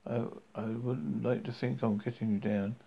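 A man's voice: steady tone, moderate pace, gravelly, husky. A man doing a gloomy depressed robot. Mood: morose. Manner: low, helpless, self-pitying. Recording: dull lo-fi recording.

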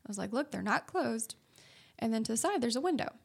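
A woman with a fairly high voice that has a gravelly fry and a husky edge. She chats casually on a podcast and tells stories, acting out the exchanges she quotes. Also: expressive, fairly quick. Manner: storytelling, acts out quoted exchanges. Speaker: podcast co-host.

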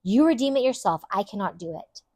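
A woman's voice: mid-range voice, lively intonation, fairly quick, dark tone, no echo, clean studio sound, natural voice. Cautious, hesitant man backing away from a bargain, read by a woman.

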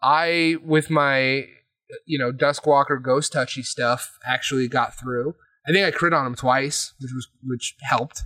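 A man's voice: mid-range voice, measured pace, no room sound. A man on a podcast recapping a tabletop game session in casual chat, swearing freely and acting out what others said. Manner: animated, swears often, acts out quotes.

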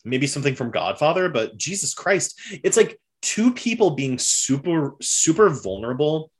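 A man in casual conversation, eagerly retelling a story with lots of fillers and quick bits of acted-out dialogue. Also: a little high, slightly rough. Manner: animated storyteller, many fillers, acts out characters' lines. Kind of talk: casual chat recapping a period drama.

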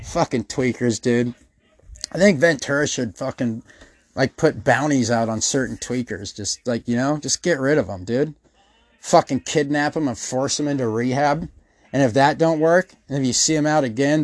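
In a mid-range voice at a moderate pace, with no room sound, a podcast host delivers a profane comedic rant. He curses constantly, wanders through his stories, and acts out each person he quotes.

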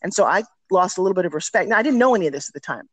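A woman's voice: lowish voice, expressive, racing, no room sound. A middle-aged woman telling candid stories as a podcast guest, talking with energy and emphasis. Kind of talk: podcast interview storytelling.

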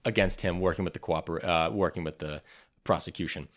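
A man's voice: low-pitched, steady tone, a little fast. A man hosting a podcast, going over the week's news in casual chat and reading from notes with frequent ums and restarts. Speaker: podcast host.

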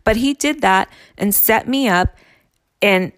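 A middle-aged woman with a medium-pitched voice slowly recounts her ex-husband's affairs in casual, candid, exasperated storytelling, acting out what others told her. The recording is dry and studio quality.

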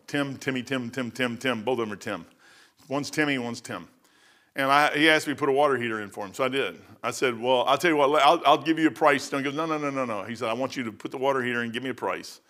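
A man's voice: medium pitch, sharp tone. Folksy middle-aged man teaching a Bible lesson. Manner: folksy, rambling, repeats phrases for emphasis.

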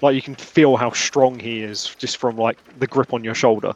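A man narrating as game master, halting and rambling with many restarts. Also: mid-range voice, steady tone, highs cut off.

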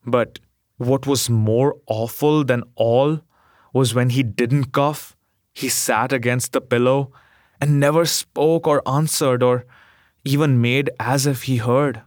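Male narrator, steady mid pitch, very unhurried, gentle, dry booth sound. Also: no room sound. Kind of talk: scripted story reading.

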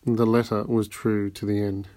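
A man's voice: on the low side, flat delivery, normal speed, mellow, lightly acted. A man reading the lines of a timid, eager-to-please old Italian ex-soldier in an audiobook. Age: older.

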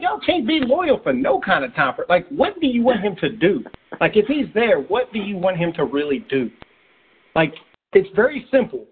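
A man's voice: sits high, husky. A man co-hosting a casual show recap, talking animatedly and acting out characters. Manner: animated, acts out character voices. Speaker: podcast co-host. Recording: tinny phone-like sound.

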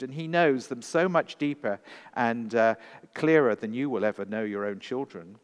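A man voicing a calm, wise woman who presses a grieving father with searching questions, read aloud in a church with long reverb. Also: mid-range voice, close to an everyday voice.

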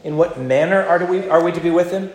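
A man preaching a communion sermon and leading prayer, fervent and emphatic, rising to loud declarations and dropping to quiet low asides. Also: quick pace, reverberant. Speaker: pastor.

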